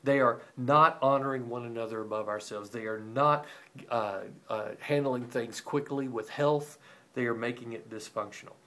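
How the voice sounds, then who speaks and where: A middle-aged man giving a devotional teaching as a pastor, telling stories in a lively way and acting out the voices of the people in them. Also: medium pitch, normal speed. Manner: animated storytelling, acting out quoted voices.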